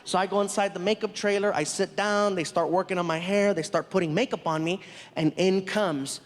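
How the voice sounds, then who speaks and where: A man doing stand-up, telling a story in an animated way and acting out the characters. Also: high voice, a little fast. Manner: animated, acts out every character. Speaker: stand-up comedian. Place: large stage in front of an audience. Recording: reverberant live venue.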